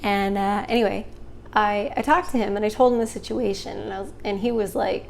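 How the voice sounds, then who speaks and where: A young woman talks straight to camera in an easy, chatty vlog. She tells a personal story with animated energy and slips into quick impressions of the people in it. Her voice sits at an ordinary middle pitch. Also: gravelly, slight background noise. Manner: animated, acts out other people's lines in the story. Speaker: vlogger. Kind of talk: casual storytelling monologue.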